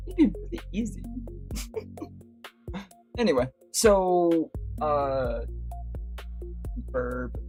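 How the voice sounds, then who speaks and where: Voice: medium pitch, sing-song, drawn-out words, pauses often, darkish tone, faint music behind. A livestream host chatting casually with viewers, rambling with many fillers and restarts and laughing often. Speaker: livestream host talking to chat. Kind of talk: casual chat.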